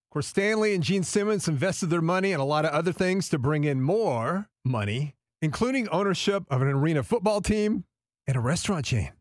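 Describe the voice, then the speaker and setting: A man's voice: fairly high pitch, no echo, clean studio sound. A man hosting a radio podcast, reading a countdown list in an upbeat, chatty way. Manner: upbeat, chatty, repeats "of course". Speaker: radio host.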